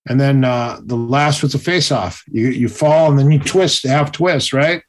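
A man telling stories in a casual interview, animated and acting out the other people's voices. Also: medium pitch, a little slow. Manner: animated, acts out quoted voices. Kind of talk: casual storytelling.

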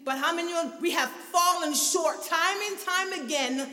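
A woman preaching a lively, expressive sermon in a church that builds to shouted fervor. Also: extremely high pitch, moderate pace. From from abroad, grew up outside the country. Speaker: guest preacher. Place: church sanctuary. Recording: echoey hall, mic at a distance.

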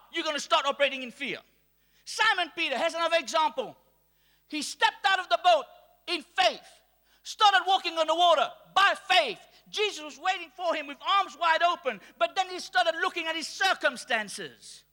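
Male preacher from mauritius, really high voice, sharp bright tone, big church echo. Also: expressive, brisk. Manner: call-and-response preaching, rising to shouts. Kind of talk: sermon. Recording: long hall reverb.

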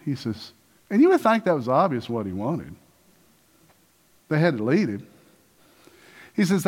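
A man's voice: fairly high pitch, sing-song, normal speed, long pauses. A man preaching a sermon, calling out to the congregation and acting out voices of Bible figures. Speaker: pastor.

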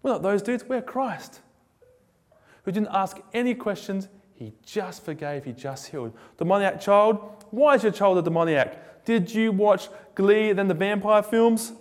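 A man preaching a sermon in a casual, joking, animated storytelling way. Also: high-pitched, unhurried. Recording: echoey hall with long reverb.

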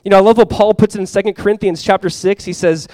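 A man's voice: sits high, fairly even intonation, fast, darkish tone, no echo, low-quality recording. A male pastor preaching a sermon, telling a story conversationally and now and then rising into sudden emphasis.

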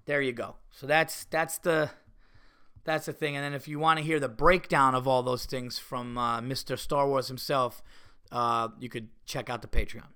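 A middle-aged man hosting a podcast, telling stories in a casual, animated way while fighting off a cold. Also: mid-range voice, normal speed, smooth. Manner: animated storytelling, exaggerated retelling. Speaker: podcast host.

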